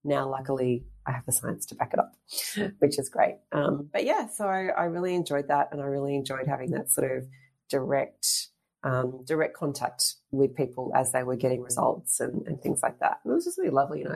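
Deep-voiced chatty woman storyteller. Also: animated, a little fast, creaky, darkish tone. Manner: chatty, rambling storyteller with frequent fillers and restarts. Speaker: guest, fitness instructor and presenter. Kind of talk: casual interview chat.

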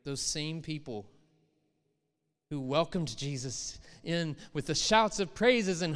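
A middle-aged man preaches in a fairly high voice, chatting with the congregation and then lifting into emphatic quoted lines. His sermon rings with the long reverb of a large hall. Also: animated, moderate pace, fairly bright tone, smooth. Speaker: pastor.

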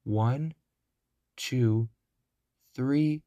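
Slow, deliberate male storybook narrator. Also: medium pitch, mellow, no echo, dull audio. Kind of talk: children's storybook reading.

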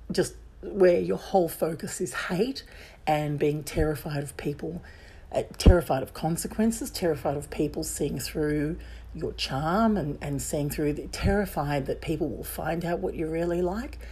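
A woman's voice: low-pitched, normal speed, warm tone, breathy edge. A woman telling a personal story in a candid, emphatic way, circling back and restarting her sentences as she goes.

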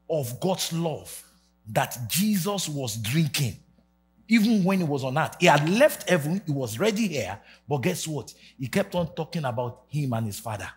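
A Nigerian man in his forties preaching a sermon, swinging from shouted rallying calls to low quiet asides. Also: big pitch swings, a little slow. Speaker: pastor. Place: church hall with congregation.

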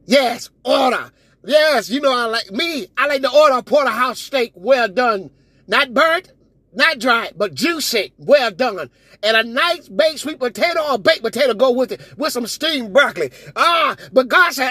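A woman preacher delivering a sermon, shouting with call-and-response to the congregation. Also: high-pitched, expressive, a little slow, slightly rough, no room sound.

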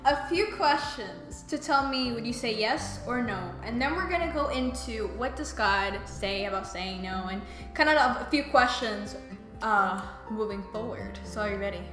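A young woman with a high, bright-pitched voice hosts a relaxed podcast chat, laughing easily and keeping things upbeat. The room is echoey, with faint music in the background. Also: normal speed. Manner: giggly, upbeat. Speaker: podcast host. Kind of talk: casual chat.

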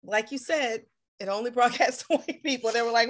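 A woman co-hosting a casual chat, animated and acting out quotes in lively voices. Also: a little high, fairly quick. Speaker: podcast co-host.

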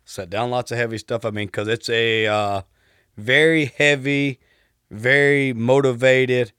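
Studio-quality sound with no room noise captures a mid-range male voice that is flat, a little slow, fairly bright, and clean. The speaker, a polite, easygoing Southern-accented Texan in his thirties, tells casual stories as a podcast guest.

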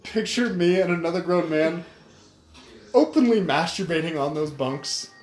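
A man's voice: a little high, normal speed. A man co-hosting a podcast, telling a crude story in casual chat and joking as he goes. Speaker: podcast co-host. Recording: echoey room.

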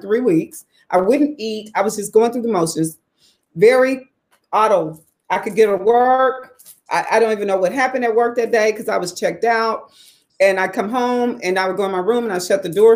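Here a forties-aged woman from the American South recounts her life story in a frank, animated way. Profanity comes easily to her, and her pitch climbs sharply for emphasis.

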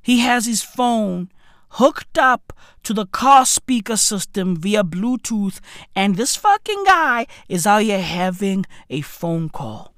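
A woman's voice: medium pitch, big pitch swings, slow, no echo, studio quality. A South African woman telling a comic story in a profane rant, asking "right?" again and again.

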